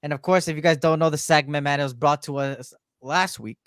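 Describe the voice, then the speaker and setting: A man's voice: fairly high pitch, a little fast, a bit bright, clear, resonant tone, no echo, clean studio sound. A man co-hosting a casual sports podcast in a laid-back way, often dropping "man" into his sentences. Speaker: podcast co-host.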